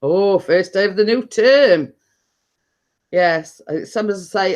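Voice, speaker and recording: A woman's voice: medium pitch, slow, a little mellow. A middle-aged woman, chatting casually with viewers as a live stream host, laughing often and restarting her sentences.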